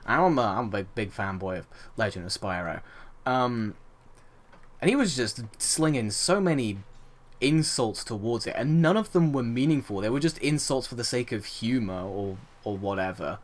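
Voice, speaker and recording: A man's voice: medium pitch, expressive, moderate pace. A young man hosting a let's play, ranting over gameplay with indignant rhetorical questions and the odd swear. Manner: frequent fillers and restarts, swears.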